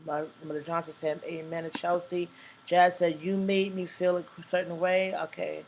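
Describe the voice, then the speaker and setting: A woman's voice: fairly low pitch, flat delivery, moderate pace, a little mellow, slight background noise, poor audio. A woman hosting a live talk stream, chatting casually and reading viewer comments aloud with emphatic, preacher-like asides. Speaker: livestream talk show host.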